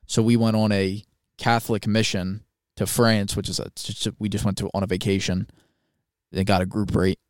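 A young man co-hosting a podcast, telling a story in a casual, animated, swearing way and acting out quoted voices. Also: on the low side, moderate pace, clear, resonant tone, dry recording, studio quality. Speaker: podcast co-host.

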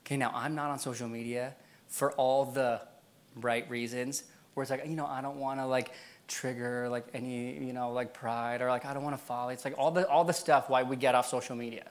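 A man's voice: medium pitch, steady tone, brisk. A man preaching a sermon in a church, telling a personal story in a casual way, with many fillers and frequent laughs. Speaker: pastor.

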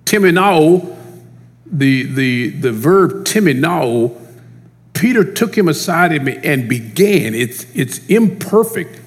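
Animated preacher man in a reverberant hall. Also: fairly high pitch, slow. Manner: animated, emphatic, swings from loud to hushed prayer. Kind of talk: sermon teaching.

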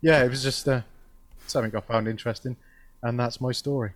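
A man's voice: mid-range voice, fairly even intonation, a little fast, dry recording. A man with a West Country accent in casual podcast chat, hesitant and full of fillers. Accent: West Country English. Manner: hesitant, many fillers, jokey. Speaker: podcast co-host.

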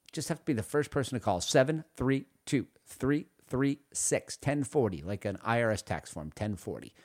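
A man hosting a food radio show, reading ads and joking in a playful, self-mocking way with sudden loud bursts. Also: medium pitch, lively intonation, moderate pace, no room sound, studio quality.

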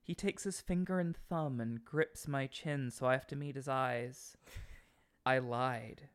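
A man's voice: mid-range voice, moderate pace. A man co-hosting a comedy podcast, reading a romance novel aloud with theatrical, mock-serious delivery and joking between passages. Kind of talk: comic dramatic reading and banter.

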